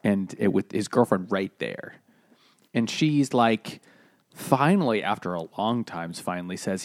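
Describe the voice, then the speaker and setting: Gravelly man retelling a book with gusto. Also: on the low side, slow pace, no echo, clean studio sound. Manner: animated retelling with acted quotes. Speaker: podcast co-host. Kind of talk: casual book-club chat.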